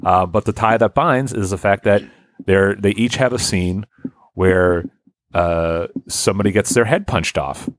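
Guy co-hosting a podcast, kinda low voice, deadpan jokes. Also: measured pace, dry recording, clean studio sound. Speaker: podcast co-host. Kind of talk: casual chat.

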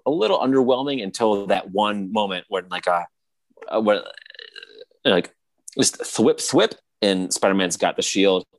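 A man chatting casually on a podcast, rambling with lots of fillers and excited retellings. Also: lowish voice. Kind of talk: casual chat.

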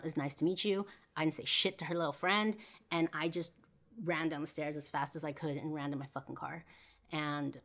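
Low-voiced woman telling a personal story. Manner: casual, emotional, swears freely, many fillers. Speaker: podcast host.

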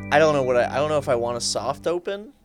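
A man's voice: mid-range voice, animated, fast talker, over music. Laid-back foul-mouthed male podcast host. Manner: laid-back, profane, joking. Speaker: podcast host and stand-up comedian. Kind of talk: casual comedic podcast chat.

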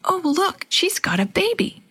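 A woman voicing a sweet, excitable little girl who squeals and whispers. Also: very high voice, unhurried, voice pushed up, exaggerated voice. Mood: whispering excited.

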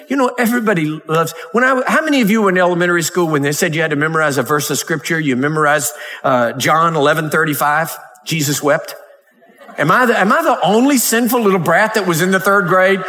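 In a church sanctuary with long hall reverb, a man with a high, slightly bright voice preaches a Wednesday night sermon. He reads scripture and keeps a conversational tone, adding laughs and mock voices.

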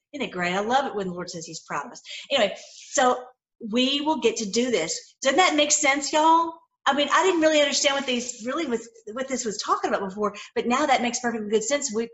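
A woman's voice: a little high, fairly bright tone, reverberant. An older woman giving an informal Bible teaching and prayer, effusive and full of rhetorical questions.

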